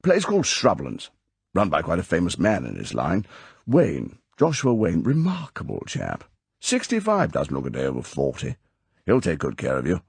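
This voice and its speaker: A severe older spy chief barks out brisk, clipped orders, as a male narrator puts him on. His tone climbs and falls with a gravelly, husky edge, and the recording is close and dry with no room sound. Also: deep voice, wildly swooping pitch, no room sound, heavily acted. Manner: clipped, commanding, lecturing.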